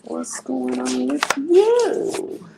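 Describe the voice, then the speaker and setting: Woman, livestream host; slow, playful drawl, gravelly tone. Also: sits high, lively intonation, music in the background, low-quality recording. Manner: drawling, playful, greets viewers by name. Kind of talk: casual livestream chat greeting viewers.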